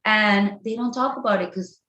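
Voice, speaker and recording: A woman sex therapist giving animated advice as an interview guest, often addressing listeners directly and dropping in Spanish phrases. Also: mid-range voice, moderate pace, dull audio, slight background noise. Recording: echoey room.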